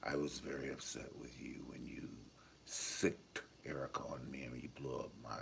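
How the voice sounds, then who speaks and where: A man voicing a smitten male lover in a whispered role-play, speaking in a breathy grunt whisper. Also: rumbling low, level tone, normal speed, a little hiss or hum, voice pushed down, heavily acted. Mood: pleading.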